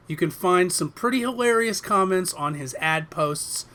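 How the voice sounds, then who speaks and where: Chatty man with a slightly high voice. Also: expressive, pushed and bright, a little hiss or hum. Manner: laughs often, halting restarts. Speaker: podcast co-host. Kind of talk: casual chat.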